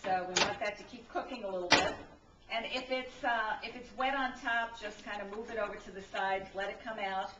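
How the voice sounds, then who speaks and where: A woman's voice: medium pitch, steady tone, fairly quick, background noise. A middle-aged woman from Brooklyn giving a casual cooking demonstration in her home kitchen, chatty and forever checking in with "okay?". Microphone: camcorder mic from a distance. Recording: echoey, distant, slightly dull camcorder audio.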